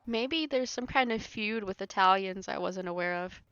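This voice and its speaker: A woman's voice: medium pitch, normal speed, a bit bright, smooth, no echo. A woman streaming a game, chatting casually, rambling with lots of fillers and laughing often. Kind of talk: casual chat while playing a game live. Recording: dry, slightly muffled with faint music.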